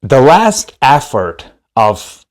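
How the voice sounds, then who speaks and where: Male comedian, storytelling, wry and rambling, lively pitch. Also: drawn-out words.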